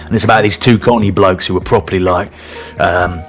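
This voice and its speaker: A man, a voice actor, chatting in an interview, animated and self-mocking, laughing often as he tells stories. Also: low-pitched, fairly quick. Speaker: voice actor guest. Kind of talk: casual interview chat.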